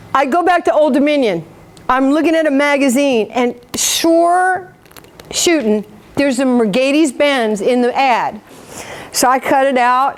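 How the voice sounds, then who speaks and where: A woman, giving a motivational talk full of stories and acted-out dialogue. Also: high-pitched. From New York. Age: 50s. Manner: animated, acts out quoted dialogue. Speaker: guest speaker.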